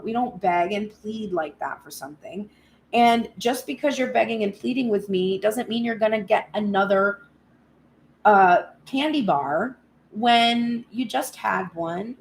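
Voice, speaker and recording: A woman giving a casual spoken tarot reading, animated and blunt, swearing freely and acting out pleading voices. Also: mid-range voice, vocal fry, a little hiss or hum. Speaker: tarot reader.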